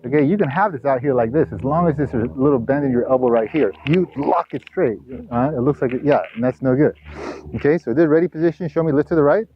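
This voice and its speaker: A man's voice: medium pitch, fast, slight background noise. A man coaching a tennis student on a court, giving direct instructions and constantly checking in with "all right?" and "okay?", sometimes teasing his student. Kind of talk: hands-on coaching session. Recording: dull, lo-fi camera audio.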